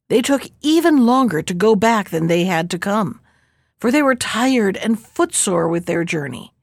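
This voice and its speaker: Expressive woman reading a folk tale. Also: mid-range voice, no echo, clean studio sound. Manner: expressive storybook narration. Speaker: storyteller.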